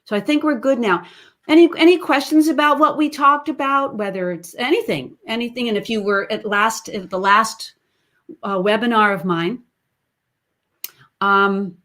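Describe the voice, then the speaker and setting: A woman vocal coach teaching an online singing lesson over a video call, breaking into sung and creaky vocal demonstrations between explanations. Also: a little high, normal speed, fairly bright tone, rough recording.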